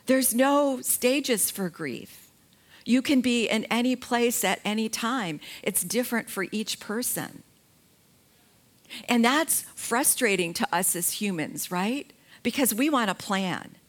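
A middle-aged woman giving a slow, gentle talk about grief, pausing often between phrases. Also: fairly high pitch, lively intonation. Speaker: grief educator.

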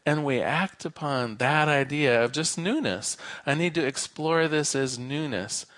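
A man minister giving a sermon, an animated storyteller who shifts between quick and slow delivery. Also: fairly high pitch, no room sound. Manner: animated storyteller, varies his pace.

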